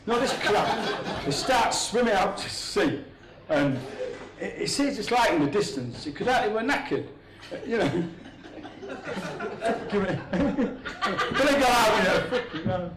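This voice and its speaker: A man's voice: high-pitched, sing-song, measured pace. A man telling rambling, crude jokes on stage, chuckling at his own punchlines. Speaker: stand-up comedian. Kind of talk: stand-up joke telling. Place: comedy venue with a live audience. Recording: echoey room, crowd laughter.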